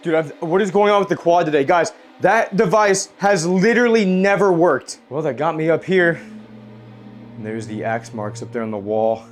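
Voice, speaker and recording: Excitable young man, high and jumpy voice. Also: brisk, music in the background. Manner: shrieks and swears when startled, hushed when addressing spirits. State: hoarse from screaming. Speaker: ghost-hunting vlogger. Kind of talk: excited paranormal vlog. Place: old house at night.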